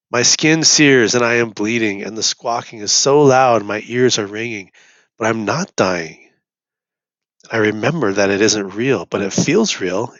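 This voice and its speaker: A young man reading a novel chapter aloud in first person, his steady narration turning urgent in the tense passages. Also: lowish voice, a little slow, no room sound. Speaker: reader. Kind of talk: audiobook reading. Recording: dull lo-fi dry recording.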